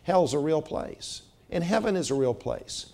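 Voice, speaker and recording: A middle-aged man preaching a sermon, measured and slowing down to stress scripture. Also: on the high side, animated, creaky, dark tone. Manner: measured, slows for emphasis on scripture. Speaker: pastor.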